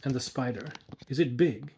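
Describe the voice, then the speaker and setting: A man's voice: mid-range voice, moderate pace, gravelly, warm tone, breathy edge. A man playing a cold, hard-toned mesmerist doctor. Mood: cold command. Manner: hard, clipped tone.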